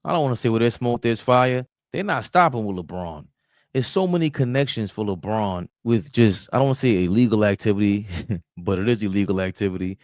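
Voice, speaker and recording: A man doing sports reaction commentary in a low voice. He reads from a report, then breaks into animated, mocking asides. The sound is dry and close, with no room echo. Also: fairly quick. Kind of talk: reaction commentary, reading and riffing.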